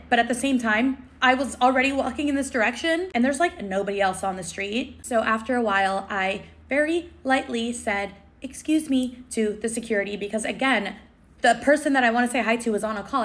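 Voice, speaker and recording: A young woman, telling a story to camera in a chatty, breathless, dramatic way with lots of fillers. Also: fairly high pitch. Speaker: vlogger. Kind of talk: casual storytime.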